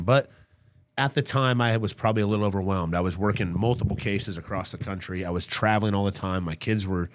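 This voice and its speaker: A man's voice: fairly low pitch, quick pace, a little hiss or hum. A middle-aged man, a podcast guest, telling a story in casual chat, laughing often and acting out his own lines. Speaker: podcast guest, former undercover agent.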